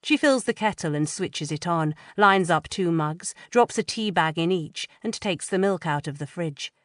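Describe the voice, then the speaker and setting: A woman reading a first-person psychological thriller audiobook in a measured, tense way. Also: on the low side, expressive, dry recording, clean studio sound. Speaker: audiobook narrator.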